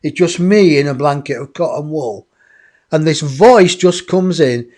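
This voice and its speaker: A man, a guest in an interview, telling a personal story in a lively way and acting out other people's voices. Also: on the high side, a little slow. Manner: animated, acts out others' voices.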